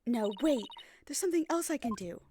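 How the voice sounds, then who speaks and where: A woman's voice: high-pitched, animated, fairly quick, dark tone, soft background music. A woman voicing a determined, loyal young female lawyer, speaking earnestly and upbeat.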